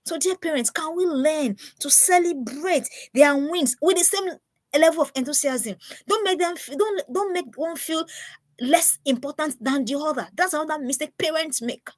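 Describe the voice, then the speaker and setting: A woman's voice: sits high, normal speed, no room sound. A woman giving an earnest, preachy live talk to parents, often repeating herself. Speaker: parenting speaker.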